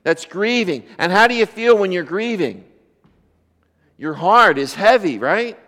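A man's voice: high voice, lively intonation, measured pace, bright, forceful tone. A man in his fifties preaching a sermon in a church, conversational and joking, firing rhetorical questions at the congregation. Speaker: pastor. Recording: long reverb of a church hall.

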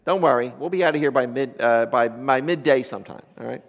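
A man's voice: mid-range voice, fast. A man in his fifties preaching a sermon in a church, conversational and joking, firing rhetorical questions at the congregation. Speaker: pastor. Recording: long reverb of a church hall.

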